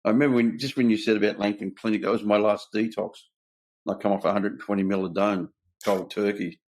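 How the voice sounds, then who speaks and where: The host, an older Australian man, talks candidly about his own recovery. His voice is on the low side, steady and a little mellow, fairly quick in pace, and his storytelling is earnest and blunt, with quoted lines of dialogue.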